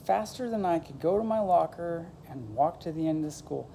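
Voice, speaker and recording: A woman vlogger chats to her camera in a relaxed, wandering monologue peppered with "like" and "you know." Her low, warm voice is animated with vocal fry, at a normal speed with few pauses, though the audio is poor and has slight background noise.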